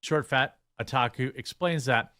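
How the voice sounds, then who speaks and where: A man's voice: medium pitch, measured pace, pushed and bright, dry recording, clean studio sound. A man doing online video commentary, dismissive in tone and reading posts aloud.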